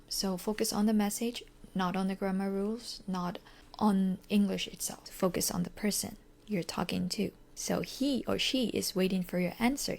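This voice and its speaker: A young woman from Korea with a Korean accent, talking candidly in a soft, half-whispered way on her English-learning podcast, with small grammar slips. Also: mid-range voice, vocal fry. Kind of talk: casual personal monologue.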